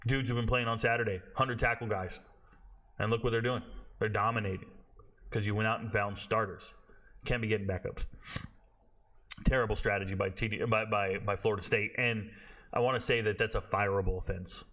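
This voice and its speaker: A man's voice: on the low side, steady tone, a little fast, long pauses, sharp tone. A man in his forties hosting a sports show, ranting bluntly in casual talk and swearing freely. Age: 40s.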